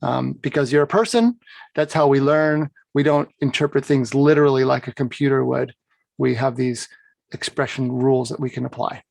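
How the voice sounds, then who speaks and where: A man's voice: mid-range voice, normal speed, creaky, darkish tone, no room sound. A man teaching bagpipe playing in an explanatory conversation, often checking in with "right?". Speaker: bagpipe instructor. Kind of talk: instructional conversation.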